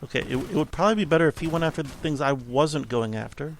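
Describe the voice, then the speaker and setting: A man's voice: a little high, fast, a little hiss or hum. A man casually commenting on his own gameplay, thinking aloud and rambling with a self-amused tone. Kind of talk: casual let's-play commentary.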